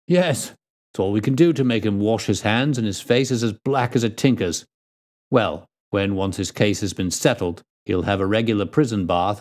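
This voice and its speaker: A man's voice: fairly low pitch, a little mellow, close to an everyday voice. A man voicing a tall, stout male police inspector, blunt and jovial, speaking in a hearty, plain-spoken way in a storybook reading.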